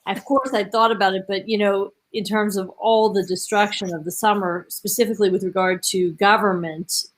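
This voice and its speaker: A woman speaks as a guest in a casual panel discussion, with a voice of ordinary middle pitch. She talks earnestly and restarts her sentences as she works through her point. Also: steady tone, low-quality recording. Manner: earnest, quick, self-correcting.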